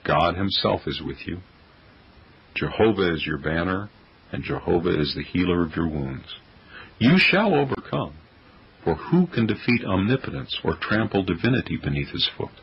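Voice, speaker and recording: A man's voice: low-pitched, sing-song, moderate pace, slightly rough, dull audio. A man reading a sermon aloud in a solemn, formal oratorical manner. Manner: solemn, formal oratory with old-fashioned wording.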